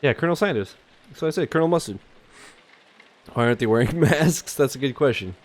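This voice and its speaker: A man's voice: mid-range voice, animated, fairly quick. Joking male streamer reading a game aloud. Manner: joking, rambling, profane asides.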